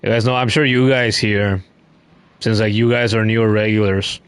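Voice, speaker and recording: A man streaming a video game, chatting casually in a relaxed, rambling way and swearing at the game. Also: fairly low pitch, moderate pace, clean tone, no room sound. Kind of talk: casual gaming commentary.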